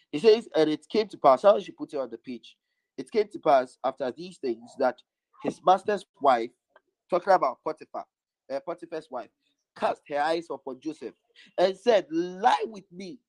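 Guy preaching a sermon, kinda high voice, repeats stuff for emphasis, dry close sound. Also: a little mellow, dry recording, low-quality recording. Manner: emphatic, repeating lines for stress.

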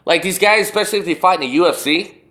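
A man hosts a solo podcast, ranting casually in a rambling, profane and emphatic way. His voice is high-pitched and sharp, and he talks fast.

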